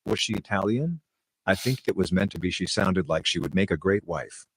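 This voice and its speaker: A man reads out online comments in a blunt, even way. His voice is low and deep, with a dry, close sound and no room echo. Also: moderate pace, gravelly, slightly rough.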